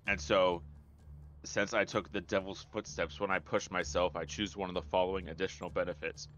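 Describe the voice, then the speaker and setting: A man's voice: deep voice, fairly even intonation, brisk, fairly bright tone, dull audio, soft background music. A man talking through his moves as a tabletop game player, hesitant and thinking aloud. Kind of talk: casual game talk.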